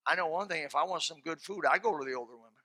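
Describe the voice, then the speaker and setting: A man preaching a sermon in a folksy, colloquial way, breaking into sudden shouts. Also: fairly high pitch, very fast, no room sound. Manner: folksy and animated, bursting into shouts; plain colloquial speech. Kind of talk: sermon with closing prayer.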